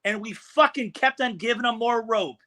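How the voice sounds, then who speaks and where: A man's voice: very high-pitched, normal speed, bright, forceful tone. A man co-hosting a sports podcast, giving blunt, opinionated takes on a football game. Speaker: podcast co-host. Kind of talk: sports talk analysis.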